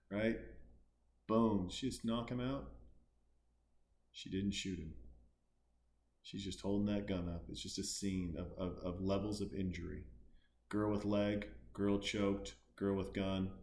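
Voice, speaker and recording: A comedian making profane, sarcastic commentary while watching a horror film, muttering low and then breaking into loud outbursts. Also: male voice, reverberant.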